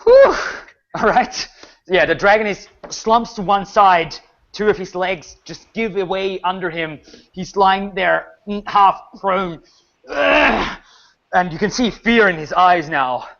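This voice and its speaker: A man narrating as game master of an online tabletop game, slow and dramatic, with groans and sighs. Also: high voice, fairly bright tone. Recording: muffled lo-fi audio.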